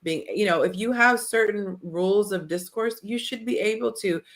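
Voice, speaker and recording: Female podcast host, mid-pitched, animated storyteller who acts out her quotes. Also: moderate pace, a little hiss or hum. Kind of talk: casual panel chat.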